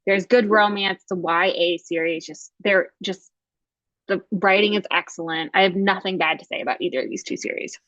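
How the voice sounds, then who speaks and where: A woman's voice: lowish voice, fairly even intonation, a bit bright, no echo. Woman co-host, emphatic and gushing, casual chat, dry muffled sound. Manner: gushing, emphatic, fast bursts of enthusiasm. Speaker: podcast co-host. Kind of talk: casual chat about books.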